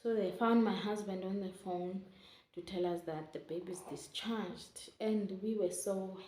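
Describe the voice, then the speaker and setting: A woman's voice: medium pitch, fairly even intonation, a little slow, mellow. Young woman vlogger, chatty and emotional, mid-range voice in an echoey room. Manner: chatty, keeps addressing viewers as guys, emotional. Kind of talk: casual storytelling to camera. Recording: roomy echo.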